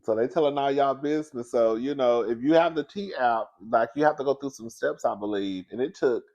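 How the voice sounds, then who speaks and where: Man, sassy gossip host, animated, frequent laughter. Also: medium pitch, fairly quick, highs cut off. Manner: animated, sassy, laughs often, calls listeners girl and baby. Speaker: commentary show host. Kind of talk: casual gossip commentary.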